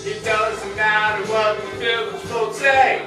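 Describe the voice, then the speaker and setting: A man plays a proud, skinny husband who defends his wife in song. He sings at an unhurried pace. It is heard from far off in a very echoey hall, with music playing. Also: high-pitched, fairly even intonation. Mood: singing. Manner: singing comic song lines. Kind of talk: community theater musical comedy.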